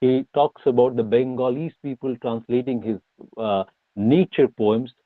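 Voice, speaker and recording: A man's voice: mid-range voice, steady tone, measured pace, no echo. Man lecturing over tinny call audio. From India. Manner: rhetorical questions, frequent uh fillers and restarts. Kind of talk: academic online lecture. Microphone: video call.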